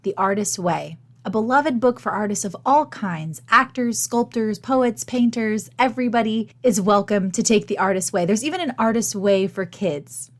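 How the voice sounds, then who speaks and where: A woman hosting a solo podcast, talking in a candid, chatty, self-deprecating way, her voice gravelly and worn after losing it. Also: medium pitch, normal speed, hardly any pauses. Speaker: podcast host and teaching artist.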